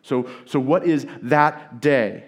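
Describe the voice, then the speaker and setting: Emphatic male pastor preaching. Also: medium pitch. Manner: emphatic, with dramatic pauses and shifts from loud to hushed. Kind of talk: sermon.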